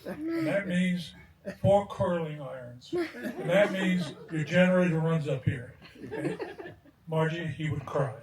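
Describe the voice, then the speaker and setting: A man with a fairly high voice tells laughing anecdotes at an outdoor memorial. He speaks into a mic from some distance, so the sound is roomy and echoing. A crowd murmurs behind him. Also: sing-song, takes it slowly. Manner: chuckling anecdotal storytelling. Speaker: eulogy speaker. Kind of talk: joking memorial speech. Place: outdoor deck at a memorial gathering.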